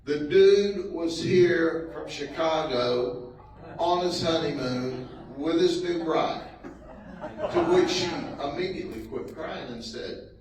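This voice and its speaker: A man's voice: on the high side, takes it slowly, long pauses. A man telling a folksy, chuckling story to an audience at a community event. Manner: folksy, chuckling, lively delivery. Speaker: sheriff speaking at a community event. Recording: echoey, distant, noisy room.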